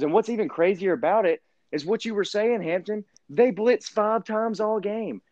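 A young man co-hosting a sports podcast, debating a game with incredulous, animated energy. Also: sits high, moderate pace, few pauses, dry recording. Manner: excitable, incredulous, rising to near-shouts when riled. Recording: dull lo-fi sound.

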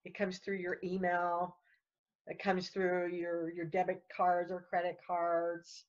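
A woman's voice: fairly low pitch, completely flat delivery, lo-fi sound. A woman guest telling her story in casual chat, rambling and repeating words. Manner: rambling, repeats words, talks fast when worked up.

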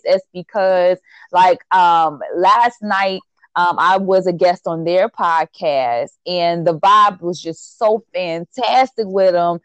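A woman's voice: on the low side, takes it slowly, no echo, muffled recording. Chatty woman podcast host, dry sound. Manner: loose, upbeat, lots of ums and repeats. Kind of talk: casual chat.

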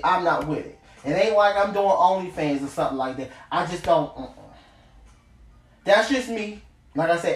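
With a lowish voice in a reverberant space, a woman tells a story in casual chat, profane and animated, trading mock insults about an ex.

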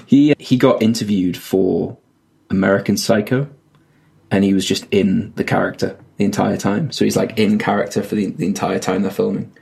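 A man's voice: on the low side, fairly even intonation, moderate pace, gravelly, a little mellow. A man co-hosting a casual podcast, chatting informally. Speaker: podcast co-host.

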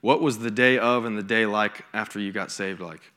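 A man's voice: lowish voice, steady tone, moderate pace, bright, forceful tone. A young man, a college pastor giving a conversational sermon with stories and asides. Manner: conversational preaching with storytelling and asides.

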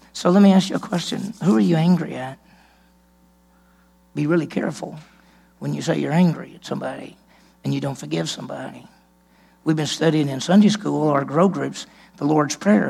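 Male pastor, husky gravelly voice on the high side, preaching with rising emphasis and low asides. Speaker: senior pastor. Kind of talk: sermon.

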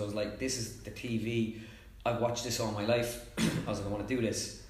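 Young irish lad yapping fast, acts out what people said, roomy sound. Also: male voice, lowish voice, level tone, darkish tone. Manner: fast, chatty storyteller, acts out quotes. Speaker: comedian guest. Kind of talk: casual chat.

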